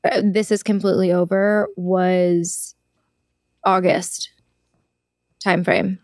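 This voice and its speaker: A woman's voice: lowish voice, little pitch movement, slow pace, a little mellow, no room sound, studio quality. A woman as a podcast guest, answering plainly in casual interview talk.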